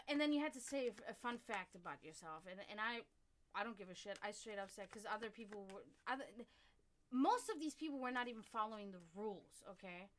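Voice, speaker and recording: A woman from Germany hosting a livestream, telling a rambling story in casual chat, swearing freely and breaking off to greet viewers. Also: fairly high pitch. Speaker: livestream host.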